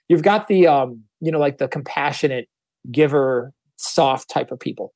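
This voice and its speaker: A man in casual podcast chat who works as a music producer, telling stories fast and acting out other people's voices, with some swearing. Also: mid-range voice, a little mellow, no echo.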